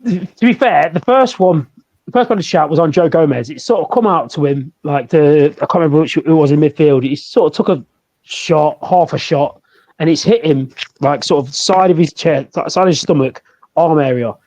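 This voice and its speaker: A man's voice: a little high, normal speed, darkish tone. A laid-back man co-hosting a casual football chat podcast, laughing often. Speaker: podcast co-host. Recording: dull lo-fi audio.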